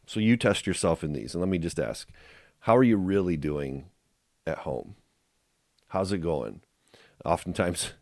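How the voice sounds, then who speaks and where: A man's voice: deep voice, no room sound, clean studio sound. A middle-aged man hosting a faith podcast, talking earnestly and putting direct questions to his listeners. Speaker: podcast host. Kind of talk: faith-based podcast talk.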